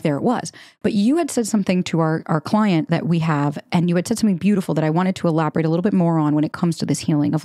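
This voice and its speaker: Fast-talking chatty woman podcast host. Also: fairly low pitch, darkish tone, no echo, clean studio sound. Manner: chatty, rapid-fire, peppered with "like" and "right?". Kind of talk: casual conversation.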